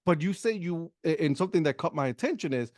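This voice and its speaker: A laid-back male podcast host who uses plenty of slang and reacts with enthusiasm. His voice sits a little high and sounds close and dry, with no room echo. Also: animated, quick pace, darkish tone. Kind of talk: casual podcast interview.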